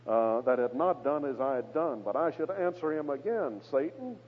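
A man delivers a measured expository sermon in a husky voice, pressing hard on the scripture he quotes. His voice rings with long hall reverb and comes through a narrow, tinny radio band. His pitch sits in an ordinary middle range. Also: animated. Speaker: preacher.

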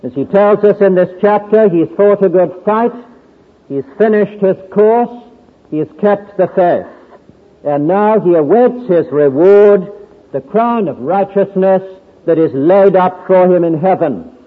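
A man giving a formal Bible exposition at a convention, measured and deliberate with occasional hesitant fillers. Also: sits high, big-room sound, narrow, tinny audio. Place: large tent.

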